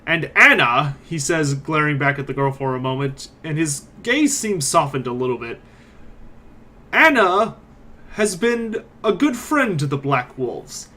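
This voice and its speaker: A man plays a gruff mercenary captain in a tabletop game. The voice sits high and loud, and he talks in a blunt, coarse and commanding way. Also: sing-song, unhurried, full character voice.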